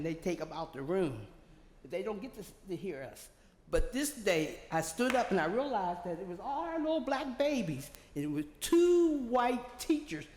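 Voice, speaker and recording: A woman's voice: medium pitch, a little mellow. An older woman giving an emphatic, rambling public comment at a podium microphone in a large council chamber. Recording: echoey hall.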